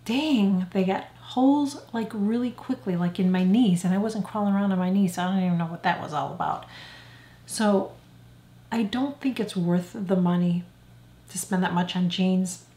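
A woman's voice: medium pitch, moderate pace, warm tone. An older woman vlogging frank, chatty product opinions in a casual beauty review. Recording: echoey room.

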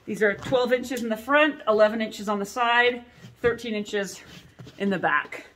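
A woman in her thirties walks through her corset designs in a casual vlog. She talks in an animated, chatty way, with asides that poke fun at herself, from a workshop under a tin roof. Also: a little high, unhurried, slight background noise. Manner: chatty, animated and self-mocking, with asides and laughs. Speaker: corset maker showing her collection. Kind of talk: casual product showcase vlog.

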